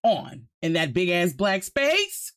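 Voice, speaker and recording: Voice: medium pitch, wildly swooping pitch, slow pace. A host reacting to scary videos in casual, slangy commentary, shrieking and talking straight to viewers. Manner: loud, exclamatory and slangy, full of shrieks and asides to viewers.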